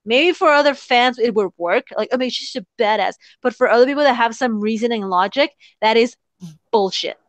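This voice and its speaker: Brief: woman host, raised pitch, dry close sound, profane and ranty, laughs a lot. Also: fairly quick, dry recording. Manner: ranting, profane, laughs often. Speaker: podcast host. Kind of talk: casual chat.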